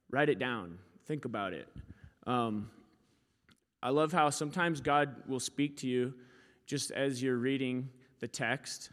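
A man's voice: medium pitch, big-room sound. A young man preaching a sermon as pastor, in a casual, storytelling way with frequent fillers. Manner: casual, storytelling, animated when quoting.

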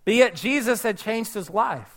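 A man with a high voice preaches to his congregation. He tells the story with lively, animated storytelling and slips into the voices of its characters. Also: normal speed. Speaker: pastor. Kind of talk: sermon.

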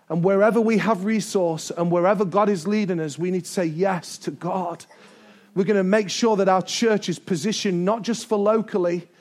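A man preaching a sermon to his church, energetic and building to shouts, with joking asides. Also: high-pitched. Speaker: pastor. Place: church service before a congregation.

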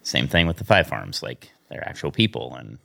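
A man's voice: rumbling low, very animated, moderate pace, gravelly, sharp tone. A man in a casual podcast chat, wry and self-aware.

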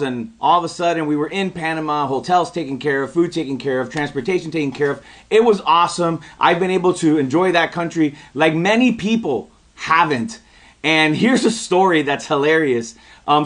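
High-voiced man preaching with animated storytelling. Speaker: pastor. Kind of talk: sermon with personal story.

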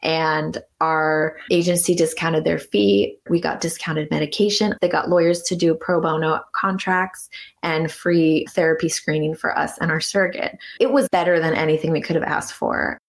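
Low, gravelly woman telling her story. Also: steady tone, normal speed. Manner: chatty, with frequent "like" and acted-out quotes. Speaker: interview guest, author and artist. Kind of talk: casual personal storytelling.

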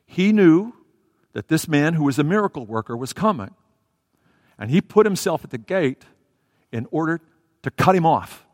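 A man preaches in a church, acting out the story with animated swings between loud and soft delivery. His voice sits a little high, and it sounds close and dry. A long hall reverb trails behind it. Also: normal speed. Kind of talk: sermon.

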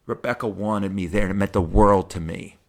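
A middle-aged man, a stand-up comedian, telling personal stories in a profane, heartfelt, animated way. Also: sits low, a little fast, creaky. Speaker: stand-up comedian, podcast host. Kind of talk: personal storytelling monologue.

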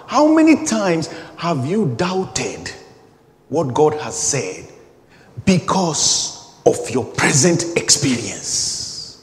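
A man's voice: fairly high pitch, in a large hall. A man in his forties preaching a sermon, emphatic and repetitive, building in intensity. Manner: emphatic, repeating phrases, rising intensity.

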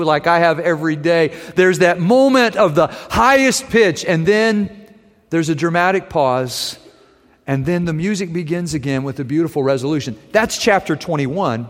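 A man's voice: a little high, long reverb tail. A man preaching a sermon in a conversational way, with wry asides to his congregation. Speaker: pastor.

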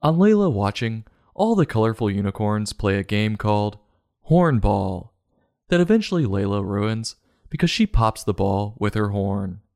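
A man's voice: on the low side, expressive, moderate pace, creaky, a little mellow, no room sound, clean studio sound. A man giving a comedic book review in a sarcastic, mocking tone.

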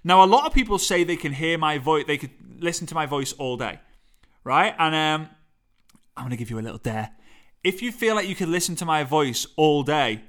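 A man with a Liverpool accent coaching on storytelling in a lively, playful way that swings his voice high and low, talking into a microphone. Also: moderate pace. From Liverpool, England. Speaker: speaking coach. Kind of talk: energetic teaching talk. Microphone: studio microphone.

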